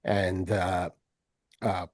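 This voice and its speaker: Low-voiced man running a tabletop game. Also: level tone, no room sound, studio quality. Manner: halting, many fillers and restarts. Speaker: game master.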